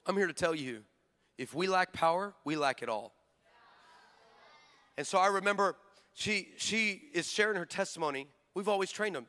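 With a slightly high voice, this preacher tells stories full of energy during his sermon. He plays the characters in them himself and now and then erupts into shouting.

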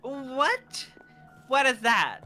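A man's voice: very high-pitched, big pitch swings, drawn-out words, over music. A man roleplaying in a Minecraft series who talks in a flustered, stammering way and keeps repeating words. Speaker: roleplay player.

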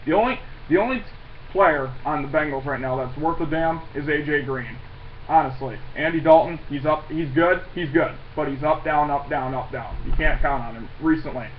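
Guy ranting his football picks, kinda high voice, muffled lo-fi sound w/ faint hiss. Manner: blunt, scornful, swears, restarts a lot. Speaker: sports pundit giving weekly picks. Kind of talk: casual ranting sports predictions.

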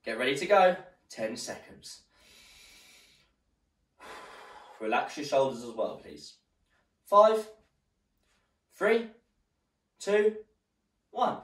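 Extremely slow and pausing often, a male fitness instructor speaks in a sing-song voice on the high side while leading a live workout class. Slightly out of breath from exercising, he counts down the rounds, captured through a distant mic with roomy echo.

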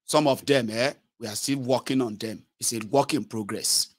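A man's voice: mid-range voice, moderate pace, no room sound, clean studio sound. A man with a Nigerian accent giving casual political commentary, switching between English, Pidgin and Yoruba. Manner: mixes English with Pidgin and Yoruba, animated mimicry.

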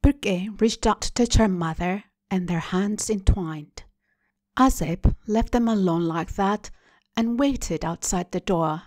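A woman hosting a storytelling show, reading a translated short story aloud in a measured, deliberate way. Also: on the low side, a little mellow, no echo. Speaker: story reader. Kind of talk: literary reading.

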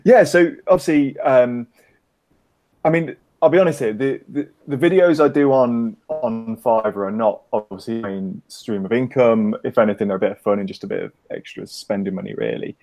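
A man's voice: mid-range voice, animated, moderate pace, darkish tone. A middle-aged man from Britain, a guest on a casual call-in interview, chatty and jokey with easy laughs. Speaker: interview guest, business owner.

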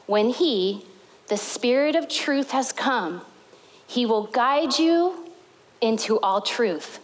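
Animated woman preaching a sermon. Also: a little high, rough recording. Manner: animated storytelling with dramatic retellings. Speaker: pastor.

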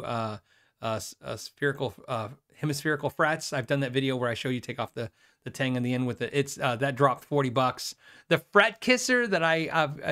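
A man's voice: fairly high pitch, fairly bright tone, clear, resonant tone. Rambling, chatty male guitar show host. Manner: rambling, self-deprecating, quick laughs and many fillers. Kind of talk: casual live chat reading viewer questions.

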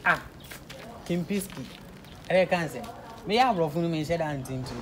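Ghanaian man, comic skit, loud and mixed-language delivery; noisy outdoor clip. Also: a little high, moderate pace. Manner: loud, switching between Twi and pidgin English. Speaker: comedian. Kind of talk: improvised comedy skit.

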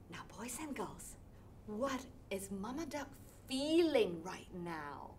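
High lively lady leading kids through a story, slow and sing-songy, quacks and boom sounds. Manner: animated, sing-song, with sound effects. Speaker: storytelling workshop leader. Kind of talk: interactive children's storytelling.

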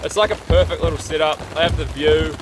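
A man's voice: on the high side, brisk. Chatty man camping in heavy rain. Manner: chatty and upbeat, talks while eating. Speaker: outdoor vlogger. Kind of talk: casual camping vlog. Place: outdoors at a campsite under a shelter in rain. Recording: heavy rain noise outdoors. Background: steady rain and fire crackle.

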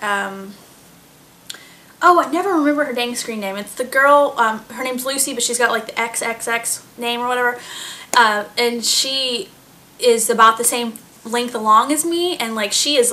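In a fairly high, sharp-toned voice at a normal speed, a pregnant vlogger in her late twenties chats casually with her audience. Her talk is full of fillers and frequent giggles.

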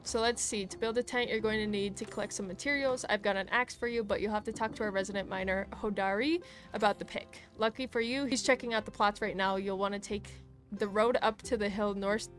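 A woman's voice: mid-range voice, fairly even intonation, fairly quick, lightly acted. A woman voicing a welcoming village innkeeper, reading the game dialogue aloud in her own voice. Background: game music.

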